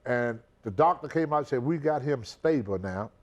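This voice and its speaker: A man's voice: medium pitch, normal speed, muffled recording. An older man, a retired wrestler recounting a story in a shoot interview, repeating words and acting out the people in it. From United States. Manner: animated storyteller, repeats words, acts out others.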